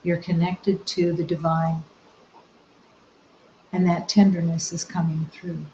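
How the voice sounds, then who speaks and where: Woman, spiritual teacher, very slow, mellow low voice, gentle and soft-spoken, roomy dull recording. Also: little pitch movement, a little hiss or hum. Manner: gentle, soft-spoken, with long reflective pauses. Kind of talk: slow meditative spiritual talk.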